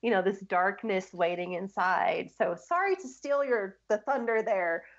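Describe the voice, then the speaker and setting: A woman's voice: mid-range voice, a little slow. A chatty woman co-hosts a fan podcast, gushing enthusiastically and peppering her talk with fillers. Her voice sits in a middle range, and the recording sounds a little dull and lo-fi. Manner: enthusiastic, animated, lots of "like" fillers. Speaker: podcast co-host. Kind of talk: casual chat.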